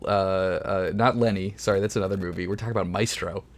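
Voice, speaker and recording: A man with a fairly low voice co-hosting a loose podcast conversation. He riffs on goofy wordplay, chasing one pun after another. His talk stays easy and joking. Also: steady tone, quick pace. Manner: goofy, pun-driven riffing. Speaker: podcast co-host. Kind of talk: casual comedic chat.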